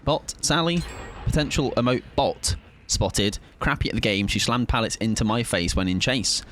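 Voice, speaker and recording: A young man chats his way through a live game stream, rambling and cracking jokes at his viewers. His pitch swings widely as he jumps from calm asides to sudden excited yelps. He laughs easily and talks over his own play. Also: normal speed, slight background noise. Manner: rambling, jokey, chats to viewers while playing. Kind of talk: live gameplay commentary with chat.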